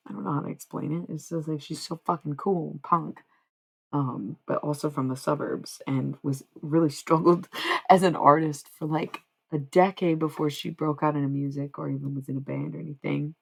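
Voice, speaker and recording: Low, gravelly-voiced woman streamer. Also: fairly even intonation, moderate pace. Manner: rambling, slangy and frank, with swearing. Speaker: livestreamer and singer. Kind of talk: casual livestream chat.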